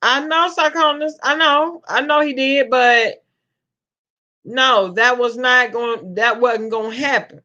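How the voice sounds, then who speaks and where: A woman's voice: high-pitched, slow, bright, forceful tone. A woman chatting casually on a live stream, reading the chat and calling viewers babe. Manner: chatty, Southern slang, greets viewers as babe. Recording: lo-fi dull stream audio.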